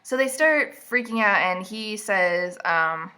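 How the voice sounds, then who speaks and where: A young vlogger picks apart a book in a casual recap, speaking straight to her camera from an indoor seat and throwing in sarcastic asides. Her bright, clear-edged voice is medium in pitch, expressive and slow, and a little stuffy from allergies.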